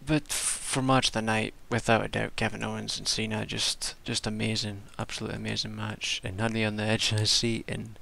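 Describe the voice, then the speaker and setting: A man's voice: lowish voice, flat delivery, brisk, creaky, hardly any pauses, sharp tone, slight background noise. A tired man rambling casually through a wrestling show review, swearing and restarting his sentences. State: tired from staying up all night.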